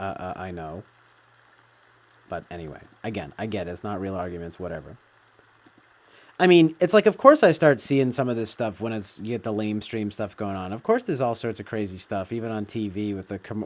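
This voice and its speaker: A man giving a meandering commentary, heavy on fillers and swearing. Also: lowish voice. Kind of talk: casual rambling commentary.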